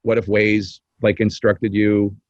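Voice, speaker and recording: A man appearing as a podcast guest in casual chat, earnest and quick, filling pauses with "like" and restarts. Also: lowish voice, flat delivery, no room sound, lo-fi sound. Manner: quick, earnest, self-interrupting with fillers.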